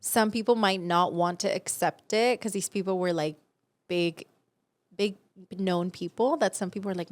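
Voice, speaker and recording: Young woman co-host, casual and animated, acts out what people said, mid-range voice. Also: medium pitch, normal speed, no room sound. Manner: animated storytelling, acts out quotes loudly. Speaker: podcast co-host. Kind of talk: casual chat.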